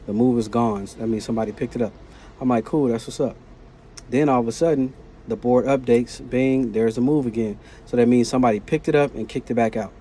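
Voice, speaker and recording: Male vlogger, mellow timbre, casual animated storyteller, faint background noise. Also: medium pitch, brisk. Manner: animated, slangy retelling of a work conflict.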